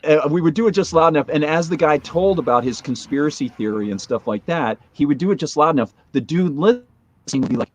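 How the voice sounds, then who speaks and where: A man's voice: fairly high pitch, expressive, a little fast. A man in his fifties, a podcast guest telling a long story in a casual, rambling way, with restarts and chuckles along the way.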